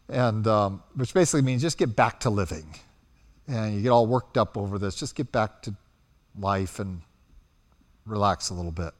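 A man preaching a sermon, telling the story with animated delivery and acting out quotes as he goes. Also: lowish voice, moderate pace, in a large hall.

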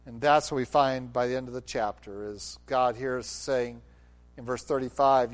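A man's voice: mid-range voice, moderate pace. A middle-aged man preaching a sermon, with acted quotes and passionate, rising delivery. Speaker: pastor.

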